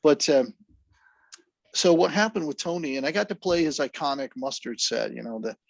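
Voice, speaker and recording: A man, a drummer guest, telling stories in a relaxed, even-keeled way during a casual interview. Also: on the high side, normal speed, creaky, dry recording. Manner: laid-back, even-keeled storyteller.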